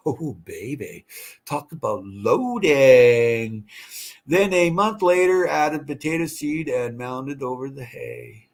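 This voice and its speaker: Taking his time, a livestream host with an expressive, medium-pitched voice reads out viewer comments. The chat is casual and friendly but rambling, peppered with fillers and restarts.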